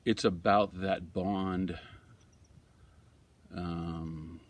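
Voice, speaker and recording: An older man, a retired fire captain, telling lively anecdotes in an interview and then speaking quietly and reflectively. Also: sits low, very slow. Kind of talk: interview storytelling.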